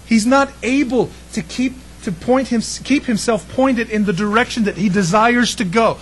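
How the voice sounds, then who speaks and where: A man preaching a sermon to a congregation, chatty and lively, throwing in jokes and questions to the room. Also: high voice, normal speed, hardly any pauses, breathy edge, rough recording. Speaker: pastor.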